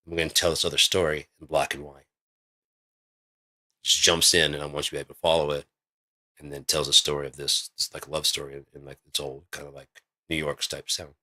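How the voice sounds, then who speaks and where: A man with a very low voice and a forceful, tense edge talks in a loose, rambling vlog monologue. He swears freely and builds excitement as he spins out one idea after another. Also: brisk. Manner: rambling, profane, excitable storytelling. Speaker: vlogger.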